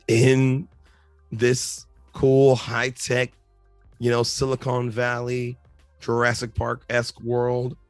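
A man's voice: medium pitch, dry recording. A man hosting a podcast, giving a casual movie review, rambling and enthusiastic with lots of fillers. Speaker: podcast host.

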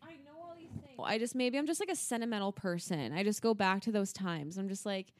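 A woman's voice: medium pitch, fast talker. A young woman chatting on a podcast, crying as she talks, full of "like" fillers. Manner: tearful, confessional, filler-heavy. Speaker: podcast co-host. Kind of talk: casual chat.

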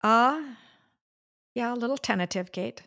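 An older woman co-hosting a podcast, chatting casually and telling stories with drawn-out fillers and sighs. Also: fairly high pitch, bright, forceful tone. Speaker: podcast co-host. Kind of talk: casual chat.

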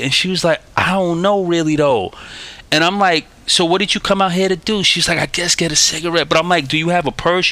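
A man telling a story on his own podcast, animated and full of slang. His voice is bright and forceful and he acts out every line of dialogue. The sound is dry and close, with no room around it. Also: on the high side, no room sound. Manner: streetwise slang, says "yo" and "y'all". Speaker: podcast host. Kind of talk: casual storytelling monologue. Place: New York City.

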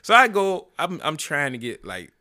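Animated bright-voiced man telling a story. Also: a little high, moderate pace, no room sound, studio quality. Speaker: podcast co-host. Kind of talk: casual chat.

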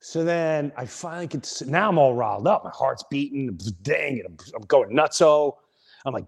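A middle-aged man hosting a podcast, telling a comic story in a casual, animated way and acting out the other people in it. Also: on the high side, moderate pace, gravelly. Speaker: podcast host.

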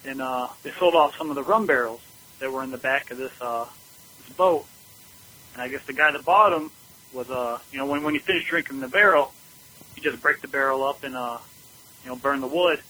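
A man from Ohio leaving a voicemail for a podcast, telling a story haltingly with many uhs and ums. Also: mid-range voice, sharp tone, rough recording. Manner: halting, full of uh and um.

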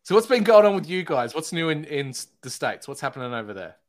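A man with an Australian accent, a guest on a casual podcast, joking and quick to laugh. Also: on the high side, sing-song.

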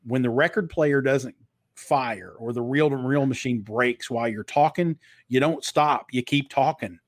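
A man's voice: mid-range voice, measured pace, no echo, clean studio sound. Middle-aged man with a slight Kentucky twang. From Eastern Kentucky. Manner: practiced broadcaster delivery, long flowing answers. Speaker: guest, author and marketer. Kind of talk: casual interview.

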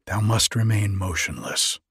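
A man's voice: lowish voice, unhurried, a bit bright, slightly rough, dry recording, studio quality, full character voice. A man voicing a wailing little grizzled old goblin, pleading in archaic storybook speech. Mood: warning. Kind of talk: storybook reading.

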